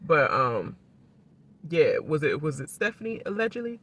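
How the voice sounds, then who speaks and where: A woman's voice: low-pitched, husky. A woman giving a casual, rambling reaction recap, blunt and salty, often laughing. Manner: rambling, animated, quick to laugh and mimic. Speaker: YouTube reality TV reactor.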